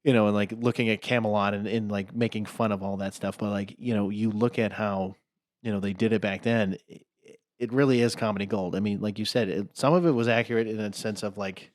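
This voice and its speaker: A man's voice: lowish voice, fairly even intonation, a little fast, a little mellow, dry recording, studio quality. A man co-hosting a podcast who talks casually and rambles, with lots of "like" and "you know" fillers. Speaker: podcast co-host.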